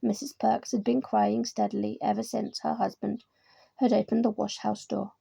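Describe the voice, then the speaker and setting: A woman's voice: little pitch movement, normal speed, vocal fry, mellow, slightly rough, no room sound. A woman reading a classic children's book aloud, lifting her voice for the characters' lines. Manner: voices characters with lifted pitch and volume. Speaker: volunteer reader.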